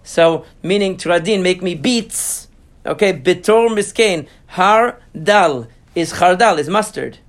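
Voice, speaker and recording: A man teaching Talmud in an informal study session reads Aramaic text aloud in a high-pitched voice. He goes on to translate and explain it in a stop-start way, peppered with fillers and restarts.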